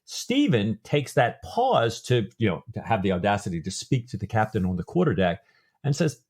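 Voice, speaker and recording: A man's voice: on the low side, big pitch swings, normal speed, a little mellow. A man co-hosting a book podcast, talking casually with frequent fillers and restarts. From grew up Lutheran, not Norwegian-speaking. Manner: conversational, many fillers and restarts. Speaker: podcast co-host.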